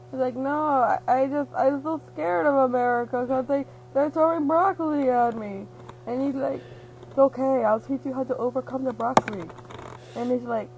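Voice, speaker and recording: Half-asleep and giddy, a young woman rambles through a silly retelling of a movie, giggling and acting out the characters' lines. Her voice is a little high and moderately paced, on poor audio with a little hiss or hum.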